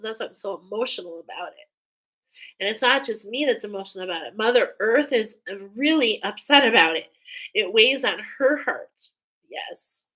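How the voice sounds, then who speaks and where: A woman's voice: mid-range voice, a bit bright, low-quality recording. A woman giving an emotional, hesitant channeled spiritual reading, sighing and restarting as she speaks. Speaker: spiritual reader.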